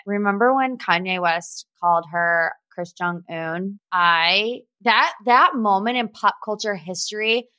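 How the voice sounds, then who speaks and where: In a dry recording, this Ohio podcast host talks slowly with few pauses, her medium-pitched voice lively in intonation and sharp in tone. The young woman offers casual pop culture commentary, gossiping chattily and dropping sarcastic asides.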